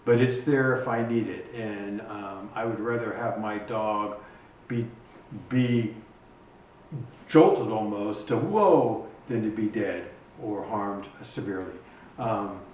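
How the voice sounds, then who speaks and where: A man who trains hunting dogs explains his gear in a casual instructional video, talking haltingly with frequent ums and restarts. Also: on the low side. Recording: echoey room, distant mic, faint noise.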